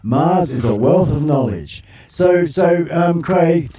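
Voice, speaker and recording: A man's voice: on the high side, expressive, slow pace, mellow, reverberant. An older Australian man hosting a casual live stream from his home studio, joking and calling guests mate. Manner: jovial, matey banter with frequent laughs. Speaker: livestream host.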